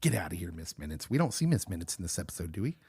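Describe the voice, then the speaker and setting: A man's voice: low voice, very animated, racing, a little mellow, breathy edge. A man co-hosting a casual watch-along chat, talking in an enthusiastic, jokey way. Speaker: podcast co-host.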